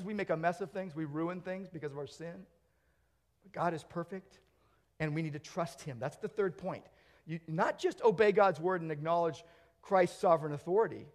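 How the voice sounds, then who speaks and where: A pastor delivers an earnest sermon in a notably high-pitched male voice. He moves between emphatic, raised declarations and hushed, low asides to his congregation.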